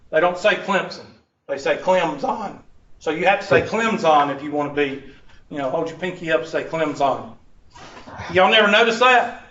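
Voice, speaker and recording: A man's voice: high voice, sharp tone. A man, a college math instructor giving a joking, folksy first-day talk to his students in a classroom. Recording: distant, echoey, muffled classroom recording.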